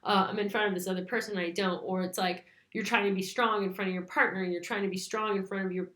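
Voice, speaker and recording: A woman's voice: medium pitch, steady tone, quick pace, a bit bright. Young female host, casual rambling monologue, filler-heavy, echoey room. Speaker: spiritual channel host.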